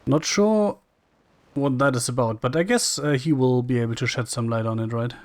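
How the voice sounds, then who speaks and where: A man's voice: medium pitch, moderate pace, dry recording. Dry-voiced man streaming a game. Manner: wry and chatty, reads lines flatly and jokes. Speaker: streamer playing a role-playing game. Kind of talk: casual gameplay commentary, reading dialogue aloud.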